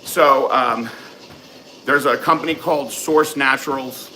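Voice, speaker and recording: A man's voice: medium pitch, steady tone, measured pace, sharp tone, a little hiss or hum, poor audio. A man hosting a casual live question-and-answer session, giving frank, matter-of-fact advice with plenty of ums and uhs. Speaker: host answering viewer questions.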